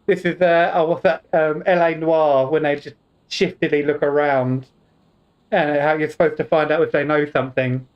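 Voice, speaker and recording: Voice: mid-range voice, fairly even intonation, normal speed, highs cut off. A game streamer giving casual commentary while playing, joking and talking back to the characters.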